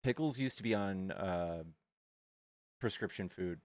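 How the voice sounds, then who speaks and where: A man's voice: deep voice, a little slow, a little mellow, no echo, studio quality. A man streaming casual chat, blunt and mocking with callers and doting on his dog. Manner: blunt, mocking, trash-talking; doting, silly baby talk to his dog.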